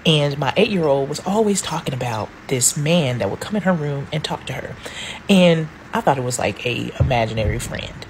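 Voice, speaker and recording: Dramatic low-voiced mom telling a scary story. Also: female voice, moderate pace, slight background noise, poor audio. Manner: animated, dramatic, swings between hushed and loud. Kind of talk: casual storytelling to camera.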